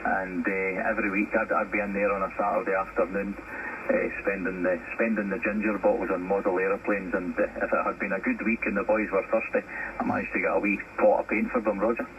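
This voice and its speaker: A Scottish man on ham radio, chatting in a relaxed, storytelling way. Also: sits low, quick pace, noisy background. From Scotland. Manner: relaxed, storytelling, uses 'wee' and 'aye'. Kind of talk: casual radio contact chat. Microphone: heard over a shortwave radio. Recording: muffled radio reception.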